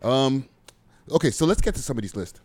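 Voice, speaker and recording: A man co-hosting a casual podcast chat, animated and swearing, laughing often. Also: medium pitch, fast talker. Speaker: co-host.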